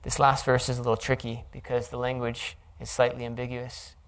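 Gravelly man giving an earnest sermon. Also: mid-range voice, completely flat delivery, a little fast. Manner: earnest and reflective, explanatory. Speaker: Bible teacher.

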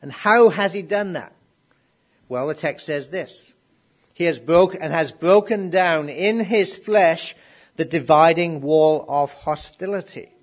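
Man preaching a sermon, slightly high voice. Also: takes it slowly. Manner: asks the congregation questions, rises to emphatic declarations.

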